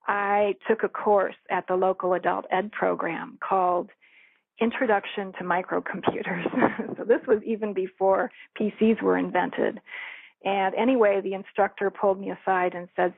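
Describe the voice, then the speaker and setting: A woman's voice: medium pitch, fairly even intonation, normal speed, gravelly, no room sound. A middle-aged woman, a radio host, telling her personal story in an earnest, reflective way with small laughs. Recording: thin phone-line audio, dry.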